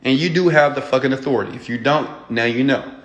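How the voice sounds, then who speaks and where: A man's voice: medium pitch, fast talker, a bit bright, dull audio. Blunt, profane man lecturing viewers. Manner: blunt, profane, emphatic, repeats "okay?". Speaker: entrepreneur and mentor. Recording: echoey room.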